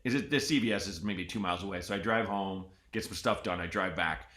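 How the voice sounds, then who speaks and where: A male podcast host telling comic stories in casual chat, jumping into loud put-on voices. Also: low voice, fast talker. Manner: animated storyteller, jumps into loud put-on voices. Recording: roomy echo.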